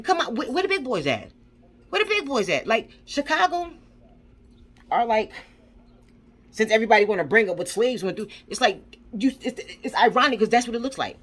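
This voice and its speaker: A woman's voice: mid-range voice, fairly bright tone. A woman vlogger ranting angrily, swearing and firing off rhetorical questions with lots of repetition. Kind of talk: angry commentary rant.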